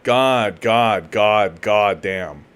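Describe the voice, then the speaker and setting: A man's voice: on the low side, drawn-out words, fairly bright tone, clear, resonant tone. A man from Canada hosting a political commentary livestream and reading chat. He rants heatedly, swears often and restarts his sentences again and again. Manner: profane, heated ranting with repeated restarts.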